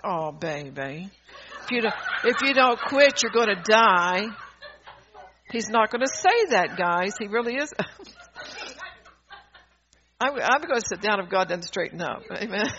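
A woman's voice: medium pitch, fairly bright tone, a little hiss or hum. A woman preacher giving a fervent, emphatic sermon, often laughing mid-sentence and restarting her sentences. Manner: rambling with frequent restarts. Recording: dull lo-fi recording.

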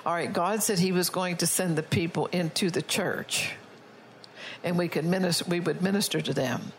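Preacher, sermon, mid-pitched voice, reads scripture aloud, faint background noise. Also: normal speed, gravelly, poor audio. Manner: reads prophecy and scripture aloud, often checks in with "all right?".

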